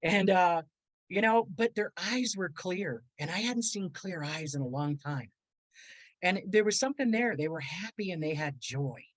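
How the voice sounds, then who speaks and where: An older woman, a guest on a video call, telling her life story in a lively way, acting out the voices she quotes and laughing often. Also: on the low side, normal speed, dry recording, poor audio. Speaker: guest speaker. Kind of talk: animated personal storytelling.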